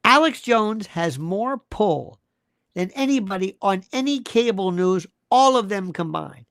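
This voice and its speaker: Male host, emphatic live-stream monologue, wide swooping delivery, gravelly edge. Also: sits high, a little slow, no room sound, studio quality. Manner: animated, emphatic, repeats rhetorical questions.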